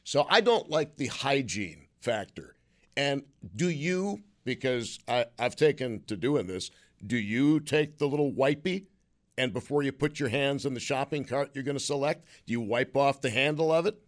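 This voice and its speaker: Hoarse, hiccuping radio talk host. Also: male voice, medium pitch, expressive, moderate pace. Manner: chatty, self-mocking, wry.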